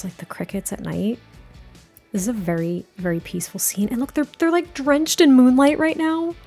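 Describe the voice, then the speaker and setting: Woman game narrator, chatty and effusive, mid pitch. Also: a little mellow. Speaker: gaming content creator. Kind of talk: casual gameplay narration.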